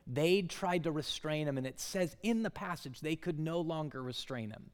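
A male guest preacher, likely in his thirties or forties, giving a dramatic sermon in a church that swings from hushed lines to loud ones. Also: a little high, normal speed. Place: church sanctuary. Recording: long hall reverb.

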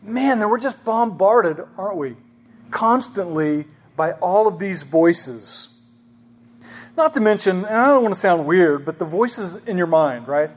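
Pastor, male, high voice, chatty sermon delivery with questions to the room. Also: animated, a little slow. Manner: conversational, asks the congregation questions.

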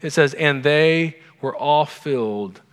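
A man's voice: on the high side, slow pace, clear, resonant tone. A male pastor giving a conversational sermon, informal and asking the congregation questions. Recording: long hall reverb.

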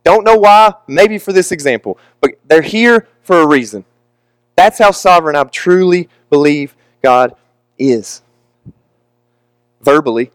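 A man's voice: fairly high pitch, animated, measured pace, pauses often, clear, resonant tone, no room sound. A young man preaching a candid, emotional, confessional sermon with casual asides.

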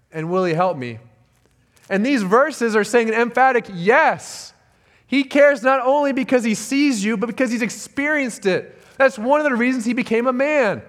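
High-voiced pastor, earnest and emphatic. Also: male voice, a bit bright. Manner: earnest and emphatic, repeating key phrases. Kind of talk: sermon.

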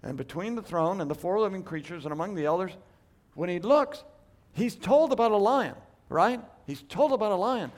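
Bible teacher, a man with a slightly high voice, emphatic, swings from loud stresses to hushed asides, rhetorical questions. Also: lively intonation. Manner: thinks aloud with quick restarts and rhetorical questions. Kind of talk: Bible study lecture.

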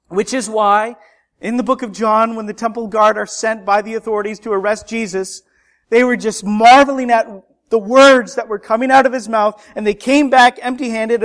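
A man preaching a sermon, impassioned and rhetorical, swinging between loud emphatic lines and hushed ones. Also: very high voice, fairly even intonation, normal speed.

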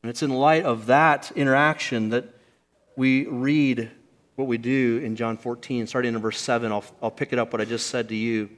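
A man preaching a sermon to a congregation, earnest and emphatic, slowing down to stress key phrases. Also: medium pitch, fairly even intonation. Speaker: pastor. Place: church service before a congregation.

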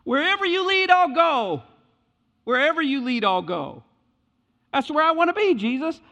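A pleading, high, straining voice of a healed man begging to follow, as a preacher acts him out. His cries ring loud through a long church-like reverb on a dull, lo-fi recording. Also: sing-song, normal speed, gravelly, full character voice. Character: healed former demoniac man begging desperately.

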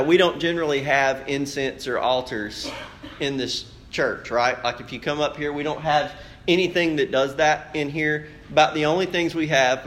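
A man preaching a sermon as pastor, with animated rhetorical questions. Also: on the high side.

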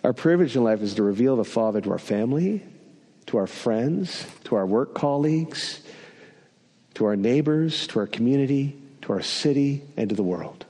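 A man's voice: medium pitch, animated, normal speed, mellow, slightly rough, long reverb tail. A man preaching a sermon, telling a personal story with self-deprecating humor.

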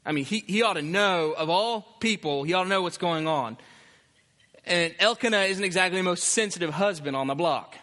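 A man's voice: high voice, brisk, bright, forceful tone, big-room sound. A male pastor preaching a sermon in an emphatic, conversational way. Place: church.

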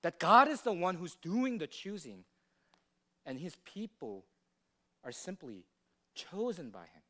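A man's voice: high-pitched, big pitch swings, measured pace, sharp tone. A male pastor preaching a sermon in a teacherly way, often checking in with the congregation with questions. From United States.

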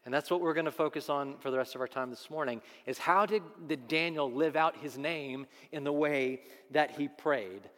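A middle-aged man preaching a conversational, animated sermon, asking the congregation questions as he teaches. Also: a little high, normal speed, few pauses. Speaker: pastor. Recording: long hall reverb.

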